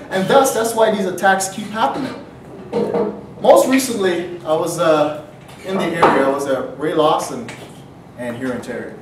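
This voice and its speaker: A man's voice: on the high side, noisy background. A man telling a comic story to an audience in a mock-outraged, earnest manner. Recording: roomy, distant mic, faint ambience.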